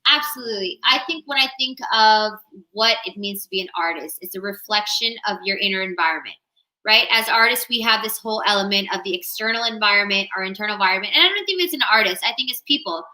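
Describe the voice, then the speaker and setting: A woman's voice: medium pitch, animated, fast, pushed and bright, rough recording. A young woman, a musician appearing as a guest on a live stream, chatting in an upbeat, reflective way. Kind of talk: casual live-stream chat.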